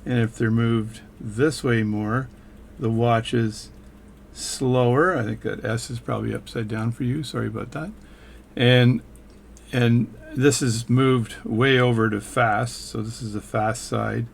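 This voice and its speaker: A man with a gravelly, fry-laden voice talks through a repair at his workshop bench. His pitch is middling and his manner is casual and rambling, with hands-on explanations and self-mocking asides. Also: steady tone, unhurried, slight background noise. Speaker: watchmaker and channel host.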